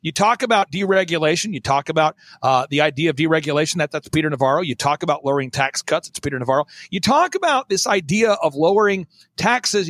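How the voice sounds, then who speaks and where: A man's voice: high-pitched, expressive, a bit bright, no room sound. A man talking as a guest on a talk show, emphatic and driving, repeating his points for effect. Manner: emphatic, repetitive, fast-driving. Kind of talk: energetic talk-show conversation.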